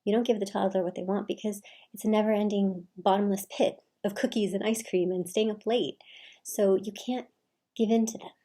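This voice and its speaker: Soft-spoken breathy woman giving advice. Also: medium pitch, steady tone, a little fast. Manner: soft, often half-whispered delivery. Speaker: advice vlogger. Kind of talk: casual advice talk.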